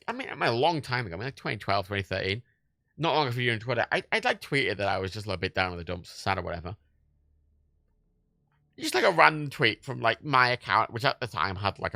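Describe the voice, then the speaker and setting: A man in his late twenties tells a story live on stream in loose, sweary chat. His voice has a gravelly, fry-edged texture and a bright, forceful tone. His pitch leaps around as he gets into it, and the sound is dry and close. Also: no echo. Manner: animated storytelling, swears a lot, laughs often. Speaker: livestream host. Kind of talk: casual livestream chat.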